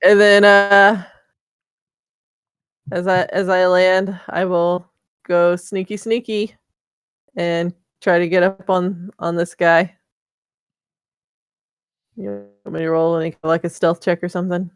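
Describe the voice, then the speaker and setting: A woman talks through her moves in a tabletop game, low-pitched and smooth. She is playful and casual, recorded dry and close. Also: flat delivery, takes it slowly, long pauses, dry recording. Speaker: player.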